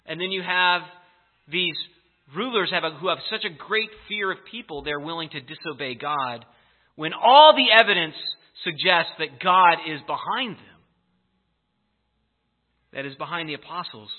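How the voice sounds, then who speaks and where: A man preaching a sermon, telling the story in an animated, emphatic way. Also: on the high side, normal speed. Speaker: pastor. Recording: tinny phone-like audio.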